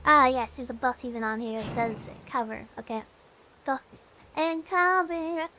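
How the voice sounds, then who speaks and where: Goofy high-voiced vtuber woman. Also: a little slow, bright, forceful tone, slight background noise. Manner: goofy and self-mocking, hums and sings along while playing. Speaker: vtuber streamer. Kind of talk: casual gaming stream chat.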